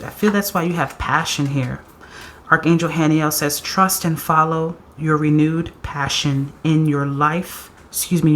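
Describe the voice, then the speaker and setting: A woman doing a pick-a-card tarot reading, excitable and slangy, often laughing and acting out quotes. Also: low voice, slight background noise. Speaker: tarot reader.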